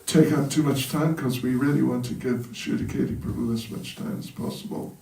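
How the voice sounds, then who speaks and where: At a fairly quick clip, a monk tells humorous stories in his temple sermon and chuckles at his own jokes. His medium-pitched voice is mellow, with vocal fry and fairly even intonation. The hall is roomy, and his voice is picked up from a distance.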